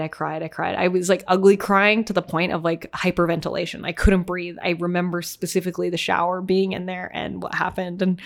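Candid, lower-pitched woman from Canada. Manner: candid, rambling, laughs at herself. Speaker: vlogger sharing personal story. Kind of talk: casual storytelling to viewers.

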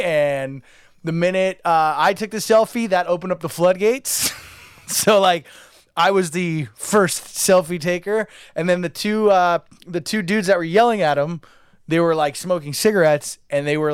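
A man's voice: on the high side, clear, resonant tone, no room sound, studio quality. A man co-hosting a podcast, telling a rambling story with lots of filler words and acted-out quotes. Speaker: podcast co-host. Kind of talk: casual storytelling.

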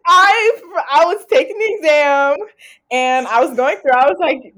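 A young adult woman, a college student guest, telling stories in casual chat with expressive laughter. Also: sits high, normal speed. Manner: expressive storyteller, laughing while she talks.

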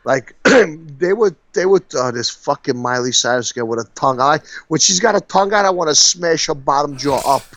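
A man's voice: fairly high pitch, lively intonation, moderate pace, few pauses, a bit bright, no room sound. A man, co-hosting a podcast in casual chat, rambling profanely and laughing as he tells stories. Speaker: podcast co-host. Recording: dull, dry lo-fi sound.

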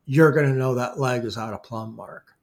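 淡々とした冗談を交える男性. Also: male voice, medium pitch, normal speed, gravelly. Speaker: podcast co-host, woodworker. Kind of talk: casual chat.

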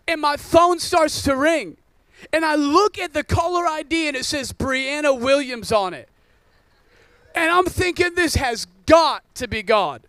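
High-voiced man preaching with jokes. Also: a bit bright, no echo. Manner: joking storytelling. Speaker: pastor. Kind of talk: sermon.

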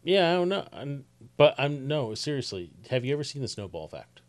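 A talkative man trades casual banter as a podcast co-host, laughing often along the way. His voice sits at an ordinary middle pitch for a man. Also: very animated. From New Jersey. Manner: chatty, quick to laugh at his own jokes. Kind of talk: casual chat.

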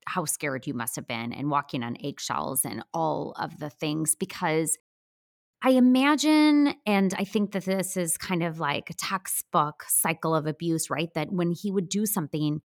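A woman's voice: sits low, measured pace, vocal fry, no room sound, clean studio sound. A woman hosting an interview, responding in an empathetic, reflective way and thinking aloud. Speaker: podcast host. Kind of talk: conversational interview.

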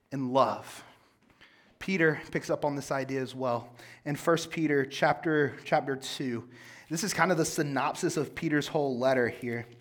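A young male pastor with a high, light voice preaches in a relaxed, chatty way. He leans on filler words. He jumps from loud, punchy emphasis to quiet, low-pitched asides. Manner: casual, conversational preaching with many filler likes. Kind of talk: sermon.

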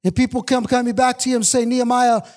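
High-pitched male pastor, fervent sing-song sermon delivery with shouted refrains. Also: fairly even intonation, fast talker. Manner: impassioned preaching, sing-song cadence, shouted repetitions.

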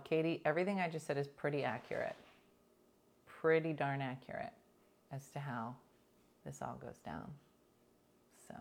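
A middle-aged woman hosting a radio show, chatting casually and telling animated stories. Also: deep voice. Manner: animated storytelling, imitates voices in anecdotes. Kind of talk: casual chat.

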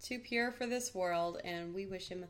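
A woman's voice: lowish voice, a little slow. A woman co-hosting a podcast, chiming in with short amused remarks in casual chat. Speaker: podcast co-host.

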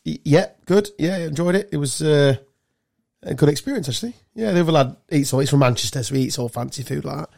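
A man's voice: fairly high pitch, fast talker, vocal fry. Sweary English podcast man. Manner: swearing storyteller, animated anecdotes. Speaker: podcast co-host. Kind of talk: casual chat.

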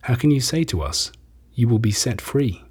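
A man's voice: medium pitch, lively intonation, normal speed, a little mellow, slightly rough. A man reading scripture, giving the crowd's challenging questions an indignant tone. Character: a crowd of arguing men, indignant.

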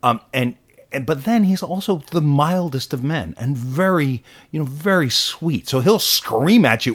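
A man co-hosting a casual political talk show, opinionated and animated, with quick asides. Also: medium pitch. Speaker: podcast co-host.

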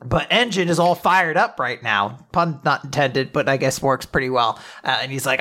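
Bright, animated man recapping chapters. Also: medium pitch, normal speed, hardly any pauses. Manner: animated storytelling, laughs often. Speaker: podcast host. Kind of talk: casual chat, recapping manga chapters.

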